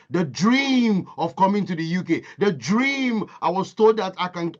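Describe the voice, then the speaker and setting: A man's voice: high voice, expressive, moderate pace, hardly any pauses, highs cut off. A man from Nigeria, giving a motivational talk as impassioned storytelling with emphatic repetition. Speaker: motivational speaker.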